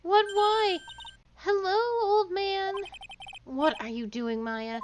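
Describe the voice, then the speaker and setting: A woman voicing a cheerful, excitable teenage girl sidekick. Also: sits high, normal speed, recorded from a distance, background noise, natural voice. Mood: lively.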